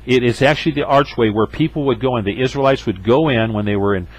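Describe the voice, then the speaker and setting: A man's voice: mid-range voice, fast talker, no room sound, dull audio. A man pastor preaching a sermon, emphatic, with rhetorical asides to his congregation.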